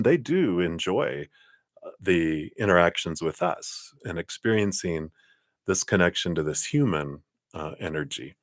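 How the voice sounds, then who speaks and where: A man's voice: deep voice, lively intonation, moderate pace, no room sound, clean studio sound. A man giving live-stream tarot readings, chatty and upbeat, rambling from card to card. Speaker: tarot reader.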